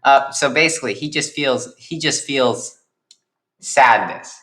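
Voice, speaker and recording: A young man talks his way through an improvised story recap in a rambling, eager manner. His voice sits at a middle pitch, and he often stops to restart a thought as he explains. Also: unhurried, a bit bright, reverberant. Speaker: storyteller, series creator.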